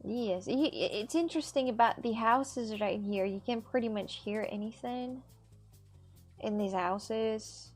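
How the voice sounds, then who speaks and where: A woman's voice: fairly high pitch, unhurried, faint music behind. A woman making clay crafts on a live stream, rambling and repeating herself as she talks to her viewers, with a lilt. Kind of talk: casual live-stream chat.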